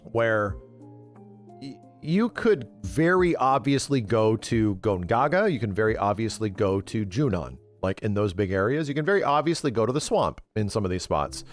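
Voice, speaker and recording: A fairly low-voiced man talks at normal speed with his livestream audience while faint music plays behind him. Rambling and animated, he swears freely and addresses people as bro and dude.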